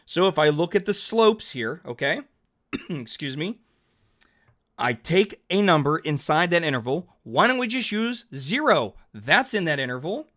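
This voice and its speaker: Man, math teacher, fairly high voice, upbeat, thinking aloud, narrating a whiteboard lesson. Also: very animated, unhurried, fairly bright tone. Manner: chatty and upbeat, talking through each step as he writes; self-correcting, thinking aloud.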